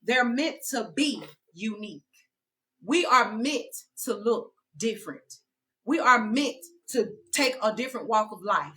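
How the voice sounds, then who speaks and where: Sassy preaching woman with a bright voice. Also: a little high, expressive, unhurried, rough recording. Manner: sassy, confrontational, slangy and direct. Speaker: self-described spiritual teacher. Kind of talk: preachy spiritual vlog monologue.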